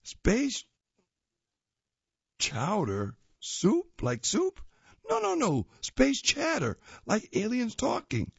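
A man voicing an excitable young boy from a comic strip in a high, eager voice. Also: extremely slow, creaky, slightly rough, dry recording, muffled recording, exaggerated voice.

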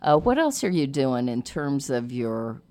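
A woman with a strikingly deep voice hosts a relaxed talk show. She keeps the conversation moving with friendly, chatty questions. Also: measured pace. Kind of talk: casual interview chat.

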